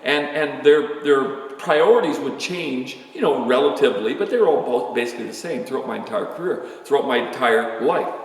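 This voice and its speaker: A man's voice: mid-range voice, a little fast, few pauses. A man in his sixties, an astronomer giving an informal, candid talk to students, rambling and self-deprecating as he tells stories. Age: 60s. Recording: echoey hall from far off.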